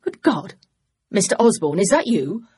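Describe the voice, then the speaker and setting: A narrator voicing a jovial, blustering male police inspector who speaks in a mocking, booming way. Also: normal speed, a little mellow, slightly rough, natural voice. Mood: astonished.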